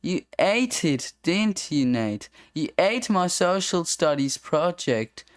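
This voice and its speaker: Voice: mid-range voice, sing-song, takes it slowly, dry recording, clean studio sound. A reader doing a bossy scolding big sister. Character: bossy older sister, sharp-tongued. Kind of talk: comic strip read-aloud.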